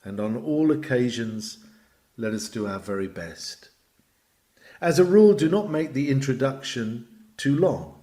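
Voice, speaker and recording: A man reading aloud a Victorian lecture on preaching, with expressive emphasis that swells and drops. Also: mid-range voice, unhurried. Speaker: reader.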